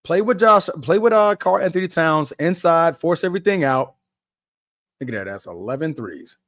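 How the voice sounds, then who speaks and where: Young male podcast host, animated slangy game chatter, slightly high voice, dry close mic. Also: normal speed, dry recording. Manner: laid-back slangy chatter, laughs often. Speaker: podcast host doing a live watch-along. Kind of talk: casual live game reaction.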